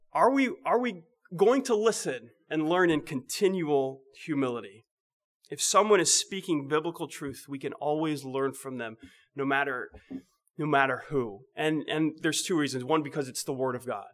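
Delivering a sermon in a talkative way, a man with a fairly high pitch leans on rhetorical questions. When he reaches key points, his voice turns soft and quiet.

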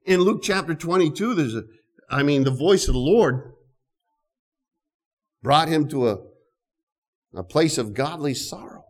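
An older man preaching an earnest sermon, often repeating words and reading scripture slowly. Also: fairly high pitch, expressive. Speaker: pastor.

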